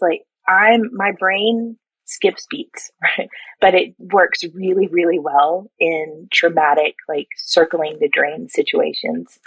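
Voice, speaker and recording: A middle-aged woman, a surgical technologist and educator, telling stories in a podcast interview in a lively way, laughing and acting out quotes. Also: deep voice, husky, no echo, highs cut off. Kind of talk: animated storytelling in a podcast interview.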